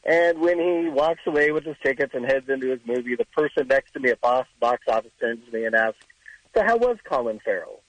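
A man calling in to a radio show, telling a story in a calm, even way. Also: mid-range voice, fast, few pauses, dry recording, poor audio. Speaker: caller.

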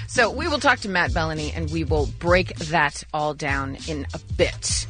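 A woman's voice: low voice, music in the background. A woman co-hosting a radio show, chatting casually and laughing easily. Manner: chatty, animated, quick to laugh.

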